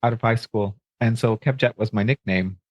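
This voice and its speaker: A man's voice: on the low side, moderate pace, no room sound. Laid-back guy hosting a podcast, dry close mic. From Canada. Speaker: podcast host. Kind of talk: casual interview chat.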